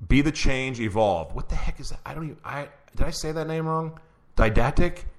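A man hosting a live-streamed show, chatting casually, laughing often and reading an introduction aloud, with a voice that is going hoarse. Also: fairly high pitch, lively intonation, fairly quick. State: losing his voice. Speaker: show host.

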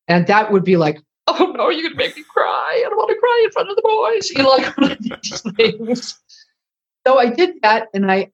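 An older woman, a retired culinary instructor telling stories in an interview and acting out old conversations. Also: lowish voice. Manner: animated storyteller acting out dialogue. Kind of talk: oral history interview. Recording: dull lo-fi recording.

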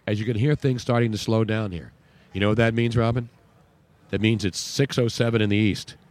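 A man hosts a radio talk show, chatting freely and pushing a sponsor's pitch. He stresses points by repeating words. His voice sits at an ordinary middle pitch for a man. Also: darkish tone. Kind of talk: casual sports talk with live ad reads.

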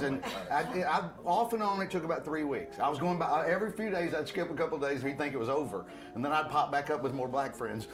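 A man telling a long, lively story as a comedian, acting out the people in it. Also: fairly high pitch, fast talker, few pauses. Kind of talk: animated storytelling. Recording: clip with loud music underneath.

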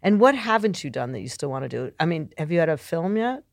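A woman's voice: low-pitched, big pitch swings, fast, gravelly, no room sound, studio quality. A woman hosting an interview, chatty and gushing, laughing easily with her guest. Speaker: host. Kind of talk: casual interview chat.

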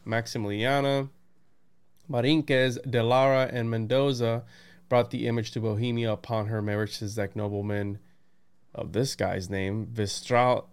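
A man hosting a casual podcast chat, excitable and laughing, reading aloud from notes. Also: mid-range voice, measured pace, smooth. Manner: excited, laughing, says "bro" and "dude". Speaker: podcast host.

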